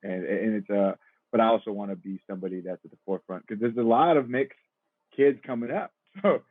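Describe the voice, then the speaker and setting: A man's voice: on the low side, fairly quick, no echo, phone-quality sound. A man in his thirties, an actor and podcast guest, talking casually and reflectively, laughing easily. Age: 30s. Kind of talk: casual interview chat.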